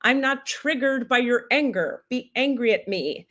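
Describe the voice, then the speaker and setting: A woman putting on a teasing, high-voiced God. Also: lively intonation, measured pace, a bit bright. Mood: breezy. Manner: breezy, teasing, playfully crude. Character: cheeky, loving, unbothered God speaking to a woman.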